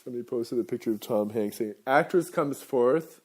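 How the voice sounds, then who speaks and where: A man's voice: mid-range voice, fairly quick, a little mellow. A man rambling through live stand-up banter and laughing at his own slips at a venue with an audience. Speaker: comedian and kirtan singer. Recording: live show with music and crowd. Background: guitar music and a crowd.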